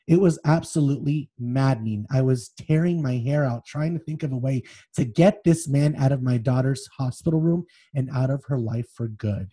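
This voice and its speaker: Expressive man reading aloud on a podcast. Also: medium pitch, normal speed, few pauses, husky. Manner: reads excerpts aloud with feeling, then chats loosely. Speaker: podcast co-host. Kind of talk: casual chat with dramatic book reading.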